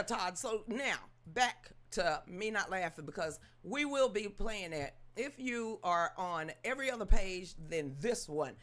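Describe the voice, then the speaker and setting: A woman with a Southern US accent hosting a casual livestream chat, greeting viewers by name, gossiping and teasing as she breaks into loud laughter. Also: lowish voice. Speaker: livestream host.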